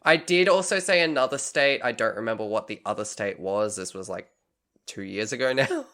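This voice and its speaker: A young adult podcast co-host tells a strange story, slipping into a put-on Southern US accent. The delivery is casual and animated, with frequent laughter and the odd swear word. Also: mid-range voice, brisk.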